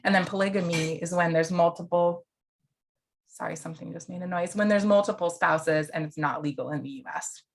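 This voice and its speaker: A woman's voice: lowish voice, brisk, a little hiss or hum. A woman counselor educator giving an online lecture in a casual, conversational way, with fillers and asides.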